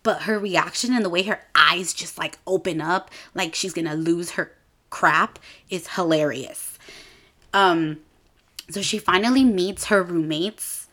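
A woman in her twenties chats through a movie's plot as a podcast host. Her voice sits a bit low for a woman, and she leans on a steady stream of filler "like"s. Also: unhurried. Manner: chatty, with many filler "like"s; acts out characters' lines in a higher voice. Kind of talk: casual movie recap.

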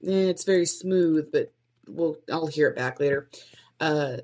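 Her voice is low-pitched and darkish, with fairly even intonation at normal speed. She's a young woman in her twenties who wants to host a podcast, alone and thinking aloud as she rehearses upbeat greetings and critiques them.

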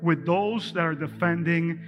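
A man's voice: fairly high pitch, measured pace, highs cut off, soft background music. A man preaching a live sermon as pastor, talking energetically and directly to his congregation in a church.

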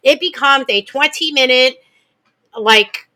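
A woman's voice: high-pitched, slow, pushed and bright. A woman co-hosting a podcast, telling a story in casual chat, brash and profane, acting out other people's lines. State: wears hearing aids. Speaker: podcast co-host.

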